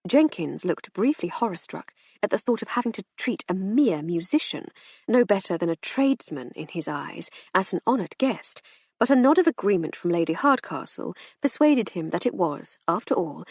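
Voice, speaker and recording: Husky-voiced woman narrating a storybook. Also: fairly low pitch, animated, darkish tone, no echo, studio quality. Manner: wry, measured storytelling. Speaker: audiobook narrator. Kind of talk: scripted narration.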